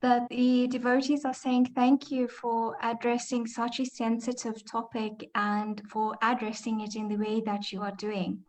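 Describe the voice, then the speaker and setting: A woman's voice: on the high side, level tone, measured pace, hardly any pauses, darkish tone. A South African woman moderating an online class, politely reading out viewers' questions with some hesitation. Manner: polite, hesitant, with filler sounds.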